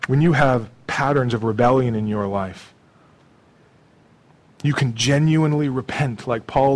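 Guy preaching a sermon, keeps asking okay? right?, goes quiet then punches it up. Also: a little slow, long pauses, rough recording. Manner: conversational preaching, frequent "okay?" and "right?" tags; swings between soft low asides and raised emphatic lines. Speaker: pastor.

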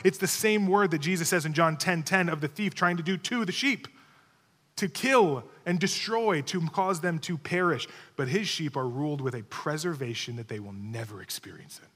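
A man's voice: fairly high pitch, moderate pace, pushed and bright. Emphatic preaching man in a reverberant hall. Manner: emphatic teaching, repeating key words, asking the room "okay?". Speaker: pastor. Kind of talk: sermon.

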